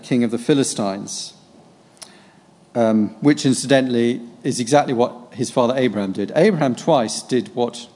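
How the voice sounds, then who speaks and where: A man's voice: mid-range voice, dark tone. A man reading a Bible passage aloud and musing on it as he prepares a sermon, stopping to think between verses with hesitant fillers. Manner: reads scripture aloud, then muses on it with pauses and fillers. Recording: long hall reverb.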